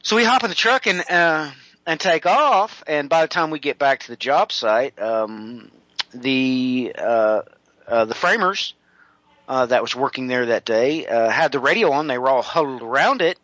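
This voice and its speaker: A middle-aged man, a home builder, telling a personal story in an interview, rambling with many drawn-out "uh" fillers. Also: medium pitch, animated, sharp tone, dry recording, poor audio.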